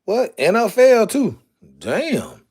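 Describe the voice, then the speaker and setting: Slow, drawling man live streaming. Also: high voice, huge pitch swings, darkish tone, breathy edge. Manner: drawling, exclaiming to himself while sorting jerseys. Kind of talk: casual live stream chat.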